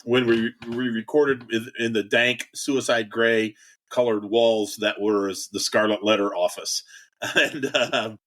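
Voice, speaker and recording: This is a man in the middle range of pitch, hosting a casual podcast. He jokes around, laughs a lot and stumbles over repeated words. He speaks from a home garage bar. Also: steady tone, unhurried, a bit bright. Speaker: podcast host. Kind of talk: casual chat.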